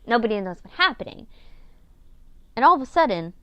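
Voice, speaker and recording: A woman's voice: on the high side, sing-song, a little fast, bright, forceful tone, no echo, highs cut off. Rambling, self-mocking woman telling a story. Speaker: storyteller recapping her old series. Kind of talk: casual storytelling.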